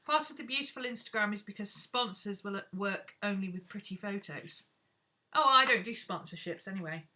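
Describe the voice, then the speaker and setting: A woman talks casually through a live crafting stream, frank and chatty as she addresses her viewers directly. Her voice is bright and forward, pitched around the middle for a woman. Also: normal speed.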